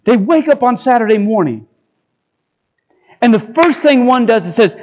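A man's voice: very high voice, lively intonation, moderate pace, a little mellow, poor audio. A man preaching a sermon, exhorting his listeners with stacked rhetorical questions.

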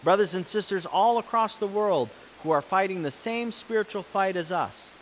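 A man preaching a sermon, reading scripture and explaining it, who swings between loud, forceful passages and soft, quiet ones. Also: sits high, moderate pace, slight background noise, poor audio.

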